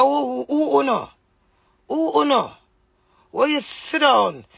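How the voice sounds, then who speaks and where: A woman's voice: on the low side, vocal fry, fairly bright tone, breathy edge, no room sound. A Jamaican woman on a livestream delivers a heated, scolding rant in patois.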